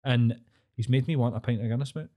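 A man's voice: medium pitch, quick pace, warm tone. Jokey Glaswegian man. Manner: jokey, sweary storytelling. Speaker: podcast co-host. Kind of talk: casual chat.

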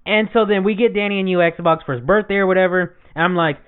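A young man telling stories in casual chat, animated and swearing a lot. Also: high voice, fast, clean tone. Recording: tinny lo-fi phone-like sound.

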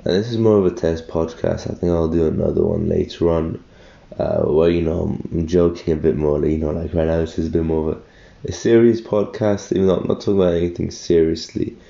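Tired young man with a low, gravelly voice. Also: steady tone, brisk, warm tone, lo-fi sound. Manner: rambling, self-correcting, thinking aloud. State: just woken up, tired. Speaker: solo podcaster. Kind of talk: casual solo morning podcast.

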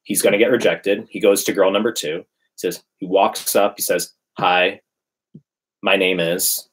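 A man's voice: low-pitched, normal speed, breathy edge. A man in casual conversation, emphatically preaching his dating advice. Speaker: dating coach. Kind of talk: casual podcast chat.

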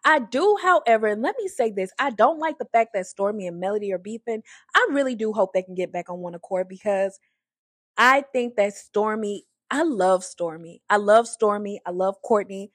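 With no echo, a woman's mid-range, fairly bright and slightly rough voice moves fairly quickly through a chatty reality TV recap. She offers strong opinions, says "like" often, restarts her sentences, and plays out the people she mentions in raised voices.

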